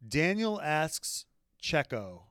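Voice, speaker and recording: A man co-hosts a casual podcast in a smooth, clear voice. He swears freely and rants with lively energy. The sound is dry and close, with almost no room echo. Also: on the high side, slow. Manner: profane, animated ranting with mocking impressions. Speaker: podcast co-host.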